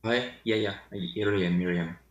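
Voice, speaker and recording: Hesitant deep-voiced caller on an echoey line. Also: male voice, quick pace, lo-fi sound. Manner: hesitant, apologetic, many fillers. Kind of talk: call-in question.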